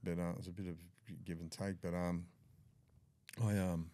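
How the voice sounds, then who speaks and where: This older Australian podcast guest speaks at a normal pace in a warm, low voice with flat delivery, recorded with no room sound. His storytelling is frank and profane, and he often imitates the dialogue of others.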